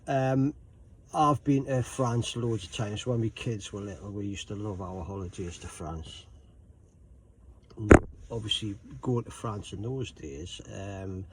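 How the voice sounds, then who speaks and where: A man's voice: fairly low pitch, darkish tone, husky, poor audio. Chatty middle-aged man. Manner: rambling, chatty, many ums and restarts. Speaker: vlogger. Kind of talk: casual storytelling to camera.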